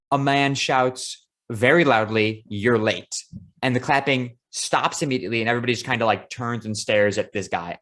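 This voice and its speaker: A man co-hosting a podcast, telling a travel story in casual, profane chat with animated asides. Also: medium pitch. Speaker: podcast co-host.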